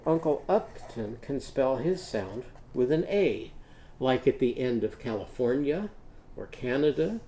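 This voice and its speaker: Mellow-voiced man teaching children phonics. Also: medium pitch. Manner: patient, sounds out words slowly for children. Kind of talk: children's literacy lesson while drawing.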